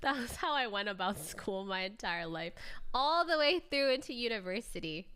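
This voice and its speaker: A woman's voice: mid-range voice, animated, moderate pace, fairly bright tone, smooth. A young adult woman streamer chatting casually, telling stories with frequent laughs and casual swearing. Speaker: streamer reacting to a video. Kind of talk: casual chat.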